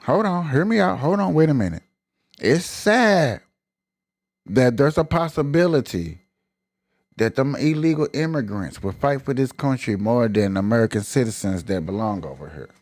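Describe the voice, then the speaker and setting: On his live stream, a man launches into a casual, slang-filled rant, hitting his points with heavy emphasis. His ordinary-pitched voice has a darkish, sing-song quality at a moderate pace. The recording is dry and close, with no room sound.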